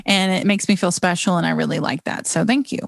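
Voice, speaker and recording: A woman's voice: on the low side, steady tone, creaky, no echo, clean studio sound. A woman hosting a casual podcast chat, upbeat and teasing. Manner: upbeat and teasing, quick to laugh. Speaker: podcast co-host.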